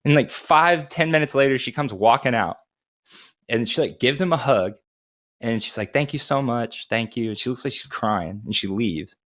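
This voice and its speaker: A man's voice: mid-range voice, animated, moderate pace, fairly bright tone. A man in his thirties, a podcast co-host telling casual, profane, rambling anecdotes. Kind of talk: casual storytelling chat.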